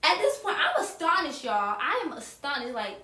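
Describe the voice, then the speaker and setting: A young woman telling a casual storytime to her viewers, animated and often calling out to them. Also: sits high, normal speed, heavy background noise. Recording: roomy echo.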